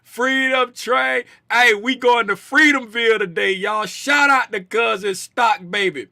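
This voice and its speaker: A man runs a casual livestream, joking and calling out viewers in the chat by name. His voice sits high and sounds very bright and forceful. The sound is dry, with no room echo. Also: unhurried, creaky. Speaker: livestream host and trading educator.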